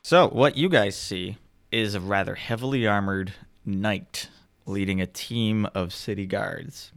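A man running a tabletop game, describing scenes with wry, deliberate narration. His voice sits low and sounds smooth and clear. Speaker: game master.

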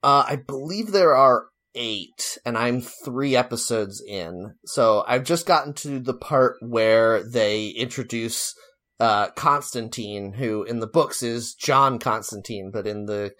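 A man's voice: fairly low pitch, fairly bright tone. A man co-hosting a casual chat, rambling and opinionated, with lots of fillers. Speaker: podcast co-host.

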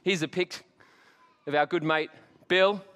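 A man's voice: fairly high pitch, steady tone, a little slow, a bit bright, smooth. An Australian man preaching an Easter sermon in a church, telling stories with jokey asides and lots of animation. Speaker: pastor. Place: church hall. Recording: long hall reverb.

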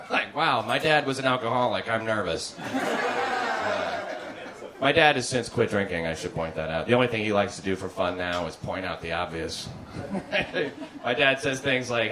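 A man doing a stand-up routine in a comedy club, deadpan and halting, stammering over his restarts. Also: mid-range voice, noisy background. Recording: live club recording with audience laughter. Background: audience laughter.

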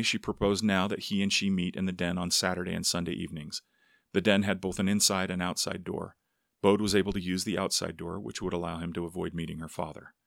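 A man narrating a story aloud in a steady, unhurried manner. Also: low-pitched, creaky, no echo, clean studio sound. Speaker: audiobook narrator. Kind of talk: scripted narration.

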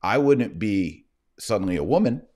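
A middle-aged man with a very low voice hosts a livestream. He rambles from point to point and keeps a mocking edge in his commentary. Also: sing-song, normal speed, dark tone. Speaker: livestream host.

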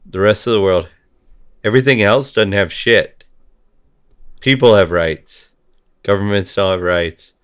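Man, very low voice, unhurried delivery, blunt profane rant, heated talk. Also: smooth. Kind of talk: heated podcast conversation.

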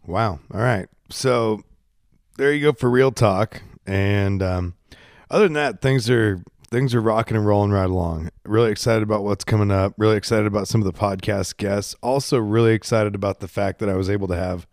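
A man's voice: on the low side, darkish tone, no echo, clean studio sound. A man hosting a podcast alone from his garage, talking casually and candidly into a handheld microphone, a bit congested and rambling. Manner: rambling, candid and self-deprecating. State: congested, coughing and burping. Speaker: podcast host. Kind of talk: casual solo podcast monologue. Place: home garage.

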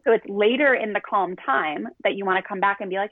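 A woman's voice: mid-range voice, a little fast, no echo. Woman coach on a tinny phone line. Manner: candid, animated, acts out quotes. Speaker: parenting coach guest. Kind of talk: podcast conversation, storytelling.

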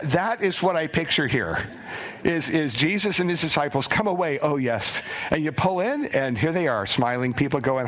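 A middle-aged man, a pastor, preaching a sermon in an animated storytelling way and acting out little voices now and then. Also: fairly high pitch, a little fast.

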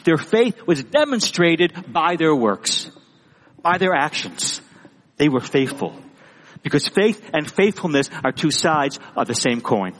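A pastor preaching a sermon with emphatic, repeated phrases. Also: male voice, fairly high pitch, big pitch swings, a little slow, a bit bright, long reverb tail, poor audio.

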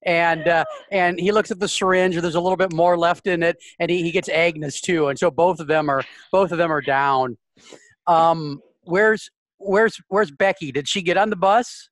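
Man running a tabletop game, casual narration, slightly higher voice, stammers and restarts, swears freely, dry close sound. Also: moderate pace, fairly bright tone, no room sound. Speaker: game master.

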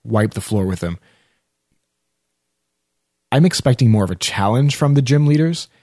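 A man's voice: mid-range voice, lively intonation, moderate pace, darkish tone, no echo, clean studio sound. A man talking casually about a video game he is playing, rambling with many fillers and self-corrections.

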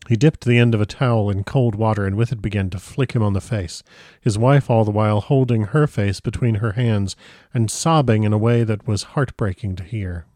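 Man reading an old novel out loud, low mellow voice, dry sound. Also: no echo. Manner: unhurried dramatic reading, stumbles and comments aside. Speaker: audiobook reader.

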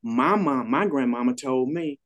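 A man's voice: medium pitch, animated, a little slow, a bit bright. An older man, a trial lawyer telling a courtroom story in an interview, acting out quoted voices. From Texas.

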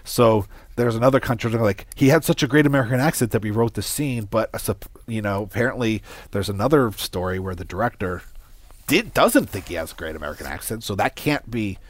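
A man's voice: lowish voice, animated, brisk. A man co-hosting a casual movie podcast, relaying trivia he found online in a laid-back way. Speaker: podcast co-host.

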